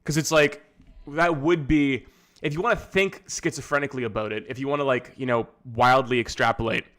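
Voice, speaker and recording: A man's voice: mid-range voice, fairly even intonation, brisk, fairly bright tone. A man with a Nova Scotian accent chatting casually on a live stream, rambling with lots of fillers and casual swearing. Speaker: streamer reacting to videos.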